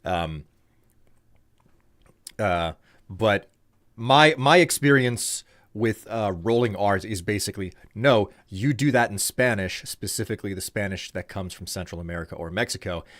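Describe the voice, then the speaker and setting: A man's voice: fairly low pitch, measured pace, fairly bright tone. A man streaming live, giving casual commentary and thinking aloud with frequent restarts.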